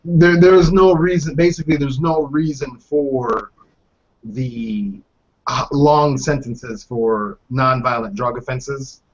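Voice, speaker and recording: A man hosting a casual podcast, chatting about news with jokes and quick asides. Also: medium pitch. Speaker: podcast host. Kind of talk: casual political chat. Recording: dull lo-fi podcast audio.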